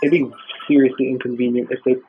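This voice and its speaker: A man's voice: medium pitch, flat delivery, quick pace, background noise. Joking man on a tinny call line. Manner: chatty, joking, laughs easily. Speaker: let's play co-commentator. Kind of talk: casual game commentary. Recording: tinny phone-like call audio.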